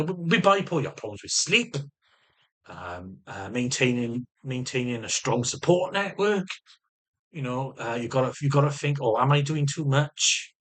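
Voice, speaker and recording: Husky, lively-voiced man ranting. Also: mid-range voice. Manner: rambling, sweary, repeats himself, agitated. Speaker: vlogger. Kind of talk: unscripted personal vlog.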